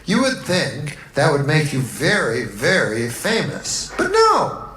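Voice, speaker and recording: A man's voice: on the high side, huge pitch swings, slow, pushed and bright. A man telling rambling comic stories in a dry, meandering way on a talk show, in an echoey archival clip. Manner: dry, meandering storytelling that breaks into laughter. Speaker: comedian.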